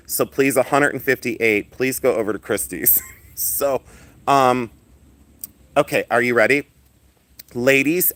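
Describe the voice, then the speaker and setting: Loud, flamboyant man chatting on a livestream. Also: mid-range voice, moderate pace. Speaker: livestream host selling and showing jewelry. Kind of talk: casual livestream chat. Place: outdoors in the sun.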